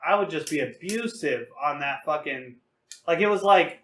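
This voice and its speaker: High-voiced young man telling rowdy stories. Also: expressive, normal speed, a bit bright, roomy sound. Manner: profane, loose and laughing. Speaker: podcast co-host. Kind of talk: casual storytelling.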